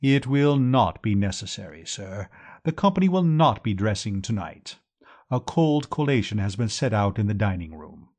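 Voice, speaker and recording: A man reading an audiobook, voicing a calm, deferential male valet who speaks quietly and formally. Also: on the low side, normal speed.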